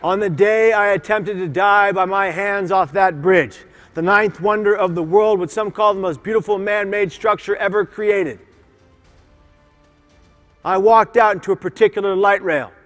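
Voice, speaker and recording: A man with a notably high voice delivers a motivational keynote with fervent emphasis, calling on the crowd to repeat his words. His voice rings out through a large conference hall with a long, trailing reverb. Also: steady tone, moderate pace, fairly bright tone, faint music behind. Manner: impassioned, emphatic, leads audience call-and-response. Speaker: keynote speaker.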